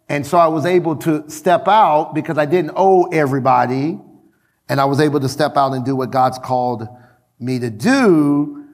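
A middle-aged male pastor preaching a sermon in a church, animated, repeating phrases for emphasis and calling out to his congregation. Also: fairly high pitch. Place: church sanctuary.

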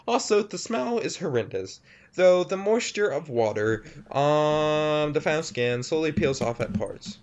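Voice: medium pitch, lively intonation, a little slow. A casual reader who giggles and stumbles over words while reading a scary story aloud to friends, on a lo-fi recording.

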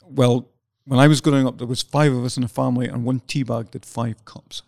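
A man's voice: medium pitch, flat delivery, brisk, creaky, a little mellow, no room sound, clean studio sound. A man with a Dundee accent, hosting a podcast and chatting in a teasing, emphatic way. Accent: Dundee Scottish. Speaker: podcast host. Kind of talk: casual chat.

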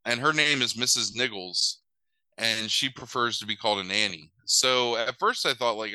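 A man's voice: mid-range voice, moderate pace, sharp tone, clear, resonant tone, no room sound, rough recording. A young man casually recapping a movie plot, rambling with lots of fillers and wry asides.

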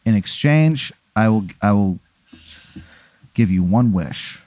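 A man voicing a smoke-faced demon who sits in the back seat and rules the road, speaking slowly and with menace. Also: expressive, dark tone, no room sound. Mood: menacing. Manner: slow, low, menacing.

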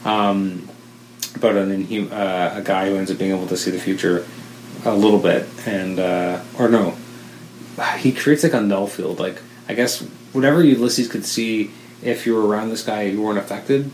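A man's voice: fairly low pitch, fairly even intonation, moderate pace, darkish tone, a little hiss or hum. A man co-hosting a casual chat, rambling and correcting himself with enthusiasm. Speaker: podcast co-host. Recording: roomy echo with faint ambience.

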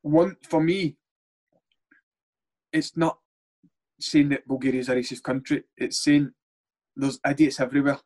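A man's voice: mid-range voice, steady tone, measured pace, pauses often, darkish tone. A Scottish former footballer chats bluntly and at length, swearing as he goes. His voice sits in the middle of the range, and he rambles through his stories in a loose, casual way. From Scotland. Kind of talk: casual podcast chat.

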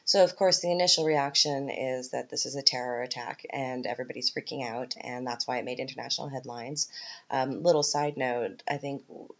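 A woman's voice: a bass voice, steady tone, fairly quick. A woman with a Canadian accent hosting her podcast, talking casually and rambling with plenty of ums and asides. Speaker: podcast host. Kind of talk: casual solo podcast talk. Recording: dull lo-fi podcast recording.

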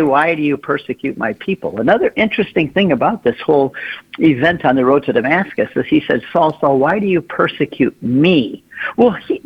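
A man with a husky, breathy voice tells stories as a radio guest, lively and full of acted-out quotes. The sound is a little dull, like a muffled radio broadcast. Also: a little high. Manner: animated storyteller, acts out quoted voices. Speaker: guest, pilgrimage leader. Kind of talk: radio interview storytelling.

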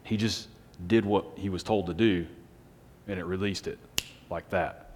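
Man, preacher, casual sermon, conversational, slightly low voice, reverberant hall. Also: steady tone, unhurried, darkish tone, a little hiss or hum. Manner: conversational, asks the room questions, chuckles. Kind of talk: sermon to a small group.

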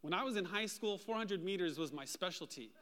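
A man delivering a sermon from the pulpit. His voice sits somewhat high for a man, and he slips into animated storytelling as he shares personal anecdotes. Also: brisk. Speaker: pastor.

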